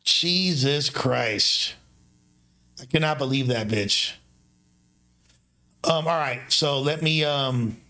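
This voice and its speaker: Young male streamer, profane, rambling, slangy, mid-pitched voice. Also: bright, forceful tone. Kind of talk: casual livestream storytelling.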